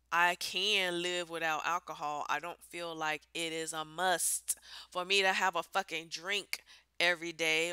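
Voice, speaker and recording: A woman's voice: fairly low pitch, sharp tone, smooth, dry recording. Blunt, swearing woman ranting on a vlog. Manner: blunt, exasperated, swears freely. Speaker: vlogger.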